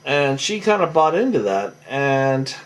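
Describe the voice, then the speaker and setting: A man's voice: medium pitch, big pitch swings, unhurried. A tired man recapping a reality show in a rambling, casual monologue full of fillers and restarts.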